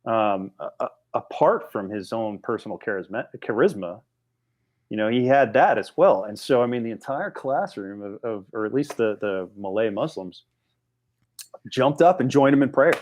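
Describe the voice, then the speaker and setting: A man in his forties, a podcast guest telling a story in a casual, animated way with frequent restarts. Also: lowish voice, moderate pace, slight background noise. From United States.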